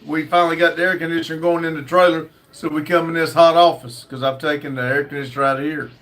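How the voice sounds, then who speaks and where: A man's voice: a little high, level tone, fast, a bit bright. A man hosting a casual livestream, reading viewer comments aloud with lots of fillers. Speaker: livestream host reading chat.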